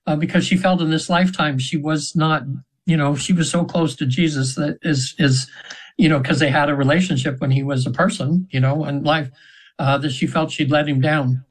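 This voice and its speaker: Over a rough radio-interview recording, a spiritual practitioner in his seventies tells a long, casual story as a guest. His voice sits a little high with fairly even intonation, and he moves at normal speed, rambling earnestly with many fillers and false starts.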